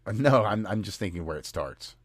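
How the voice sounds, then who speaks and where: A man's voice: fairly low pitch, animated, a little fast, husky. An American man hosting a podcast, talking in a casual, sarcastic and indignant way. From United States. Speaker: podcast host. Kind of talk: casual chat.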